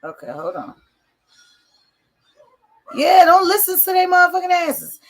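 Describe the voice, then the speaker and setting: A woman's voice: extremely high pitch, huge pitch swings, unhurried. A woman hosting a casual livestream, rambling and swearing freely as she answers her viewers' chat. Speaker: livestream host.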